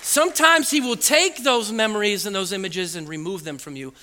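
A lively, high-pitched male preacher tells a comic story from the pulpit, acting out voices and sound effects as he laughs along. His voice is very bright and sharp, and it rings out through a large hall with a long reverb. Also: fairly quick, a faint crowd, slight background noise. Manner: animated storytelling, acts out voices and beeps, laughs often. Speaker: pastor. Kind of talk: sermon with a comic personal story.

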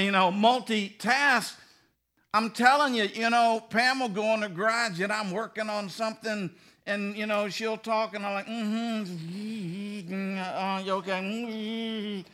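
A middle-aged pastor delivering a lighthearted sermon, his voice high and bright. He talks unhurriedly, acts out both sides of everyday conversations, and punches key lines with laughing emphasis. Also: a little slow. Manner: storytelling with mimicked dialogue, bursts of laughing emphasis. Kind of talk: humorous sermon.

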